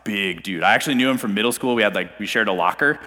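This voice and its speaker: A young man preaching in a casual, animated storytelling style, self-deprecating and full of fillers. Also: fairly low pitch, quick pace. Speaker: pastor. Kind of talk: storytelling sermon. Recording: long hall reverb.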